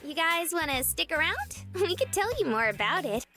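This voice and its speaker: A woman's voice: extremely high pitch, lively intonation, a little fast, over music. An actress voicing a cheerful, eager young woman in a visual novel, friendly and upbeat.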